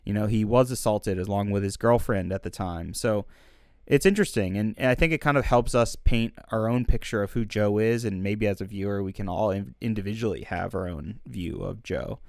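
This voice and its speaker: A man's voice: lowish voice, fairly quick, creaky, a little mellow, no echo, studio quality. A young man co-hosting a film podcast, talking in long, thoughtful, winding sentences. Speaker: podcast co-host. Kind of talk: casual film discussion.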